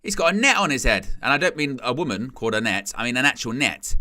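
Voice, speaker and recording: A man's voice: medium pitch, very animated, fast, pushed and bright. A man hosting a live football watchalong, joking, laughing often and reading out the chat. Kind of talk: live match watchalong commentary.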